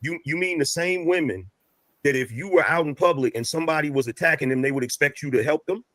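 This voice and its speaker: A man's voice: a little high, fast talker, fairly bright tone, no echo. A man arguing his point in a casual panel debate, stumbling over restarts. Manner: argumentative, stammering restarts.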